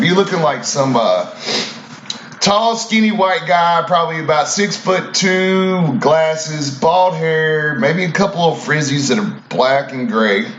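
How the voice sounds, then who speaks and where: A man's voice: a little high, fairly bright tone, a little hiss or hum. A man hosting a morning show, chatting casually in a rambling, profane way with laughing asides. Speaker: radio show host. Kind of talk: casual chat. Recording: roomy, dull, lo-fi studio sound.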